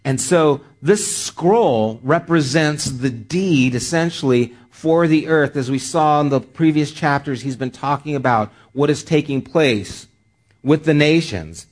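Man, middle-aged, pastor, sermon, hushed then emphatic, casual asides. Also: a little high. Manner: swings from hushed and slow to raised and emphatic; storytelling asides with casual fillers. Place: church sanctuary.

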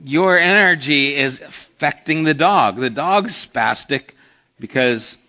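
A man's voice: on the high side, animated, slow, pushed and bright. Earnest male pastor preaching, muffled audio. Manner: earnest, conversational preaching with anecdotes. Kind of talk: sermon.

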